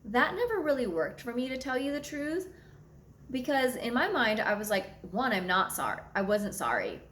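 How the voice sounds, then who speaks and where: A woman's voice: on the high side, sing-song, moderate pace, a bit bright. A woman talking frankly and casually to her viewers, blunt and unafraid to swear, recorded in an echoey room. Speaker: astrology content creator. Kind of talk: candid conversational monologue.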